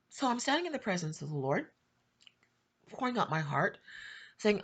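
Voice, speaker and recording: A middle-aged woman giving an emotional personal testimony for her channel, repeating herself and rising to high pleading cries. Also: sing-song, normal speed, long pauses, breathy edge. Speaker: Christian YouTube prophetic channel host.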